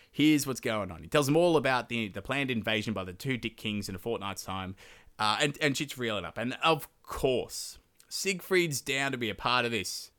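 Lively man retelling a legend. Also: mid-range voice. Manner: swearing, rambling asides. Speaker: podcast host. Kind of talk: casual comedic retelling of a legend.

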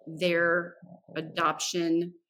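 A woman's voice: fairly low pitch, very slow. A woman guest on a podcast telling a personal story frankly and with energy, acting out what people said and swearing casually. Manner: frank and animated, acts out quoted dialogue, swears casually.

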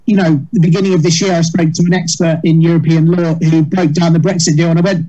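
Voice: medium pitch, flat delivery, quick pace, dark tone, lo-fi sound. A comedian guest chatting over a video call, rambling through tangents with frequent laughs. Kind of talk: casual chat.

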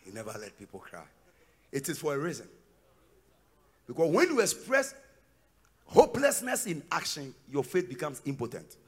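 A man with a Ghanaian accent preaching a sermon in church, breaking into shouts and sing-song cadences. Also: a little high, wildly swooping pitch, normal speed, pauses often, breathy edge. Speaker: pastor.

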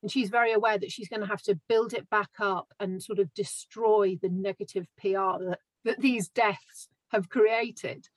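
A woman author being interviewed as a podcast guest, talking in a relaxed, reflective way with lots of fillers and small laughs. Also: mid-range voice, moderate pace, few pauses, dry recording, low-quality recording. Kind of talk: casual podcast chat.

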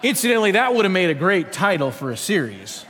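A male pastor delivers a sermon with a high, animated voice. He tells stories and drops wry jokes along the way. The reverb of a large church hall trails his words. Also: fast, a little hiss or hum. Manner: storytelling with humorous asides.

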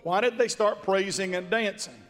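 A man preaching a sermon in a folksy, drawn-out, emphatic way. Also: high voice, big-room sound, faint music behind. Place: church sanctuary.

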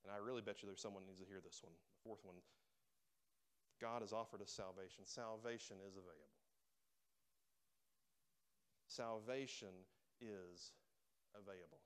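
A man preaching a sermon to a church, emphatic and emotional, rising to loud pleas and dropping to soft, quiet lines. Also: fairly low pitch, moderate pace, pauses often, clean tone. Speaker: pastor. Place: church sanctuary.

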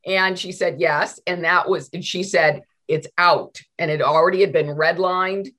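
A middle-aged woman, a law professor, telling stories in a conversational interview, animated and full of restarts. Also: lowish voice, unhurried. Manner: animated, many restarts and repeated words.

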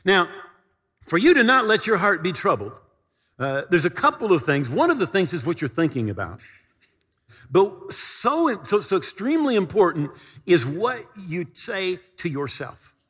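A man's voice: high voice, sing-song, normal speed, fairly bright tone, husky, big-room sound. A male pastor preaching a sermon with fervent, emphatic delivery and repeated phrases.

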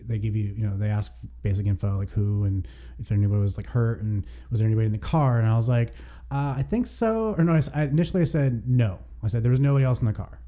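A man's voice: lowish voice, steady tone, rapid-fire, warm tone. A man co-hosting a casual podcast, telling a story in a rambling, easygoing way full of "like". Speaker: podcast co-host. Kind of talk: casual chat.

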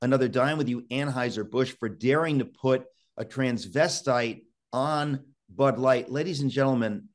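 A man's voice: medium pitch, normal speed, hardly any pauses. A male talk show host urgently exhorting his listeners, often restarting words in a rush.

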